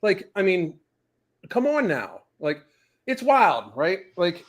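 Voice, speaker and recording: A man's voice: high-pitched, sing-song, takes it slowly. A man from the South, hosting a casual podcast and ranting with heavy profanity. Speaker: podcast host. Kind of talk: casual rant chat.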